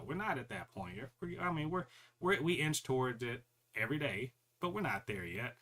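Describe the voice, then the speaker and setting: A man co-hosting a podcast, talking in a loose, animated rant full of profanity and mocking impressions of other people. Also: medium pitch, moderate pace. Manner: animated, profane, mocks others in put-on voices. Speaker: podcast co-host. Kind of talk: casual chat.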